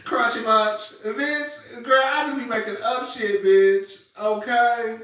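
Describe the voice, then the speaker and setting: A man talking casually to his viewers as a pop culture commentator, in slangy, animated speech and often laughing as he riffs. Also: very high voice, slow pace.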